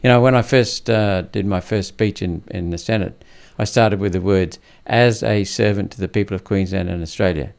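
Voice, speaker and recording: Gravelly low-voiced man, blunt senator. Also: moderate pace, few pauses, darkish tone. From India. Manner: blunt, emphatic political talk. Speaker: senator, podcast guest. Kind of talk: casual interview talk.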